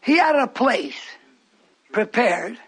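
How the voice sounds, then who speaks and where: Older man, fervent radio sermon, rambling, very high-pitched, husky. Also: sing-song, slow, a bit bright. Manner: fervent, rambling, tells stories to the congregation. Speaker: preacher. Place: church hall with a congregation.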